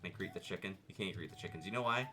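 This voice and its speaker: A man streaming a video game, playful and excitable, chatting his way through and greeting the animals. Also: deep voice, very fast, music in the background. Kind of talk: casual gameplay commentary.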